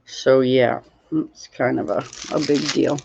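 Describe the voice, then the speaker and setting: Through dull lo-fi stream audio with a little hiss or hum, a tired host yawns while crafting and slowly rambling, welcoming viewers and reading chat aloud. Her voice is extremely low, steady, a little mellow, and marked by vocal fry.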